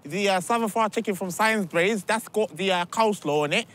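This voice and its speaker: An actor playing a swaggering, self-important parking enforcer, chatty and mocking. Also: male voice, sits high, brisk, fairly bright tone. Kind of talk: mockumentary comedy acting.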